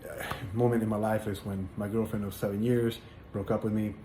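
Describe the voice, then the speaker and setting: A man sharing a personal religious testimony in casual spoken storytelling, earnest and halting, with many fillers and repeated words. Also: on the low side, level tone, mellow. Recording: echoey room with faint background noise.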